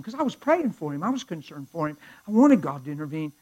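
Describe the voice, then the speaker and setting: A middle-aged man preaching, telling stories animatedly and acting out dialogue, dropping to hushed tones and rising loud. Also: high-pitched, lively intonation, fairly quick, hardly any pauses, rough recording. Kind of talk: sermon storytelling.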